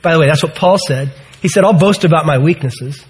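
A man's voice: fairly high pitch, brisk, poor audio. A man in his sixties preaching a sermon, earnest and emphatic, full of rhetorical questions. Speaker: pastor.

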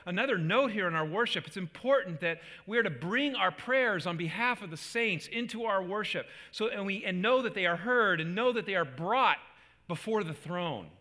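A man's voice: high-pitched, lively intonation, normal speed, bright, forceful tone, in a large hall. A man preaching a sermon as a pastor, earnest, with repeated restarts and emphatic peaks.

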